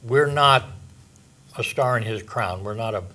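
An older man preaching in a relaxed, conversational way, explaining scripture as a pastor would. He slips in homey asides and "you know"s and slows right down to lean on the words he wants to stress. His voice sits at a mid pitch for a man. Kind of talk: sermon, verse-by-verse Bible teaching.

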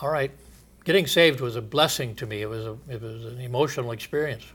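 A husky-voiced man preaches, pushing key phrases into long, emphatic stretches at rising volume and dropping quiet and low at the ends of thoughts. He chuckles briefly between his points.

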